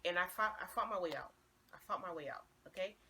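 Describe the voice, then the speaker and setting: A woman vlogger with a low-ish, bright, forceful voice talks fast while sharing a personal testimony. Her storytelling is casual and slangy, full of "I'm like" quotations, and the audio has a little hiss or hum.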